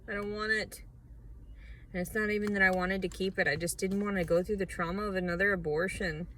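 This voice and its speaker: A woman recording a confessional video diary, venting raw distress with repeated phrases and swinging between low murmurs, whispers and sharp outbursts. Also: steady tone, fast talker, a little hiss or hum, low-quality recording. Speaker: vlogger.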